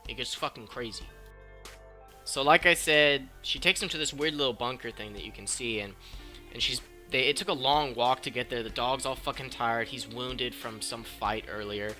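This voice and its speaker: With faint music playing behind him, a young movie reviewer casually breaks down a film's plot for his vlog. He speaks at a normal speed in a medium-pitched voice, staying chatty and excitable while swearing freely.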